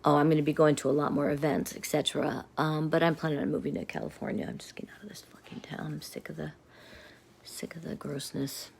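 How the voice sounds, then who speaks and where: A middle-aged woman rants to her viewers in a low, gravelly voice. She is angry and rambling, and she keeps sinking into muttered whispers. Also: little pitch movement, fast, a little mellow. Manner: rambling and agitated, often dropping to a muttered whisper. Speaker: vlogger. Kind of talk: angry personal rant to viewers.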